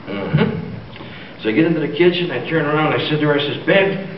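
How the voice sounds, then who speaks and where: A man doing a stand-up comedy set in a church hall, telling a story and acting out the dialogue in high voices. The audience laughs. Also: brisk. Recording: distant, muffled, noisy recording in a roomy hall.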